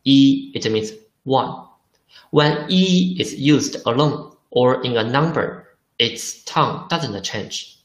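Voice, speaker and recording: A man teaching a language lesson at a very slow, careful pace, repeating each example and checking in with "right?" His voice sits at an ordinary middle pitch. The room around him rings with echo. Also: animated. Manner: slow and deliberate, repeating words, asks the learners questions.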